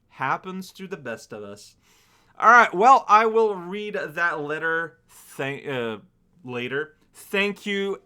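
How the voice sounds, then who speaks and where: A man's voice: a little high, sharp tone, clean tone. A man hosting a video, chatting casually and reading viewer letters aloud with frequent laughs and fillers.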